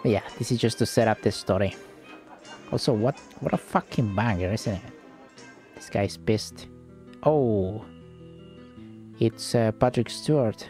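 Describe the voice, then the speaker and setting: Brief: casual let's play host, mellow dark voice, joking and swearing, faint music under. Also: male voice, fairly low pitch, a little slow, pauses often. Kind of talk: casual gameplay commentary.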